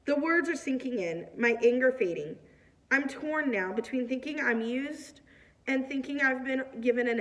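A woman reading a novel aloud, in a plain, steady way with a few small slips. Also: high-pitched, far from the mic. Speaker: reader.

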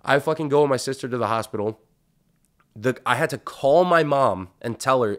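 A man hosting a podcast, telling a long story in a casual, profane, animated way and acting out what people said. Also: medium pitch, a little fast. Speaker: podcast host.

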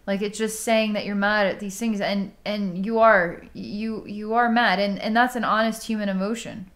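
A woman psychic healer chats loosely with a client through an energy healing session, casual and talkative, saying "like" constantly and laughing and sighing in between. Her voice is middle-pitched and a bit bright, with fairly even intonation, a moderate pace and hardly any pauses.

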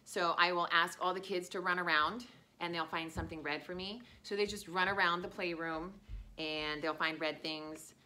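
A woman's voice: fairly low pitch, fairly even intonation, moderate pace, bright, forceful tone. A woman teaching young children in a playful, sing-song way, chanting songs and acting out sounds. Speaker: home daycare teacher. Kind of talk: children's lesson with sung chants.

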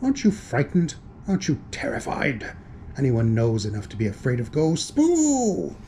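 A man voicing a fussy, easily rattled cartoon ghost, shrill and whiny and quick to take offense. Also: wildly swooping pitch, mellow, slight background noise. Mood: indignant.

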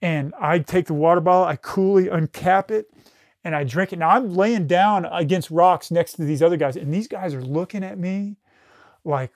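A middle-aged man with a fairly high voice recounts a battlefield experience as a podcast guest. He talks with raw intensity, swears constantly and stumbles into restarts. The sound is dry and close, with no room around it. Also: moderate pace, no echo. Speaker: podcast guest, retired military rescue specialist. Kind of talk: recounting a combat story in casual conversation.

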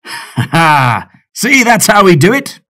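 A man voicing a cocky, boastful young pirate captain in an audiobook, his voice jumping high when excited. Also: slow, heavily acted. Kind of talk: audiobook character voice.

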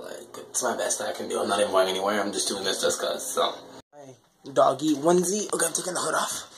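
A man's voice: mid-range voice, poor audio. A man vlogging casually, rambling and frustrated and swearing constantly, filmed on a handheld phone. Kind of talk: casual vlog chat. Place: outdoors in the wind, then at home. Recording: wind noise outdoors.

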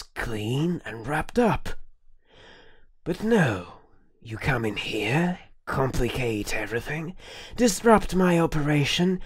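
A man voicing a calculating male pegasus operative who speaks low and controlled. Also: slightly rough, no echo, studio quality, exaggerated voice. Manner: low, controlled, matter-of-fact.

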